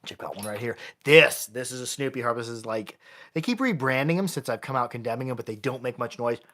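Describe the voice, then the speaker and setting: A man who plays and makes jaw harps gives a casual live-streamed lesson, chatty and often restarting his sentences. He speaks fairly quickly in a mid-range voice with a sharp tone.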